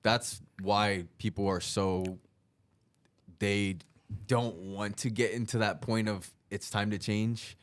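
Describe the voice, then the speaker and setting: A male co-host with a lowish voice and a calm way of talking. He reflects on what the guest has said and builds on it. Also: takes it slowly. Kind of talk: casual interview chat.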